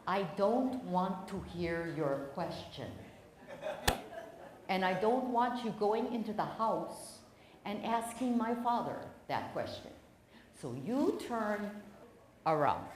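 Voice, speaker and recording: A woman voicing a tiny, stubborn young woman who gives firm, loud warnings. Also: medium pitch, lively intonation, slow pace, roomy sound.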